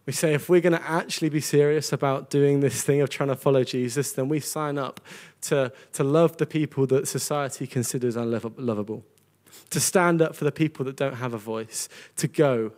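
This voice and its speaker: A man's voice: medium pitch, moderate pace, darkish tone. A man preaching a sermon to a congregation, earnest and conversational, often repeating words as he goes. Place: church gathering with a congregation.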